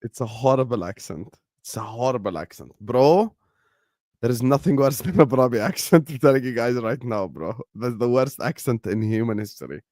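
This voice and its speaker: A man's voice: mid-range voice, moderate pace, dry recording, studio quality. A man hosting a football watchalong, talking in casual, emphatic, joking banter with his co-host. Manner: animated, emphatic, laughing banter. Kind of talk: casual chat.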